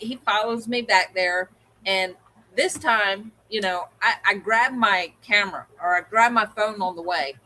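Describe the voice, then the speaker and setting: A woman's voice: mid-range voice, pushed and bright, slight background noise, rough recording. A woman co-hosting a livestream, telling a story in casual chat and acting out the people she quotes. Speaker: co-host of a livestream hangout.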